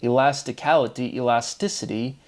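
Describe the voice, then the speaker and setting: A man delivering a rambling solo monologue, self-deprecating and wordplay-driven, switching between quick asides and slow, drawn-out terms. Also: medium pitch. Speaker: video creator.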